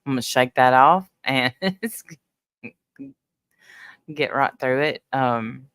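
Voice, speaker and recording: Tearful and emotional, a middle-aged livestream host talks casually and straight to her viewers in a bass voice, taking it slowly. Her tone is clean and a bit bright, in a dry, close recording.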